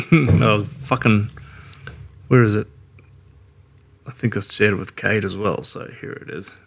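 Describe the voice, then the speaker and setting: A man's voice: fairly low pitch, measured pace, gravelly. A man co-hosting a podcast, telling stories with crude, laughing banter. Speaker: podcast co-host. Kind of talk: casual chat.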